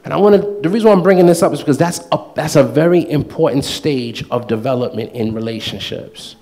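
A man preaching a sermon in an animated, playful way. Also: medium pitch, fast talker. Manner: animated, playful, acts out quoted voices with laughter.

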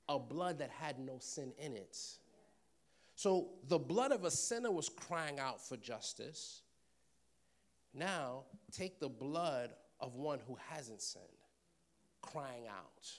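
A man preaching a sermon, joking with the congregation and repeating phrases for emphasis. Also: fairly high pitch. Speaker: pastor.

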